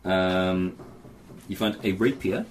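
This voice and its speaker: A man narrating as game master, describing the action in a relaxed, rambling way with many fillers. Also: low voice, takes it slowly. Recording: noisy background.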